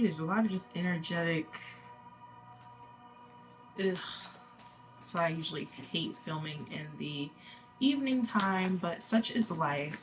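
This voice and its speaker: A woman's voice: fairly low pitch, a little slow, pauses often, faint music behind. A woman giving a casual spoken card reading to her viewers, chatty and reassuring, full of fillers and small laughs. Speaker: tarot reader.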